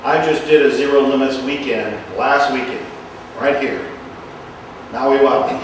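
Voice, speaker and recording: Man, self-help speaker, earnest motivational delivery, distant mic in a boomy room. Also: steady tone, unhurried, very echoey, slight background noise. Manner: earnest, repeats phrases in a hushed soft voice. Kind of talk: motivational talk to an audience.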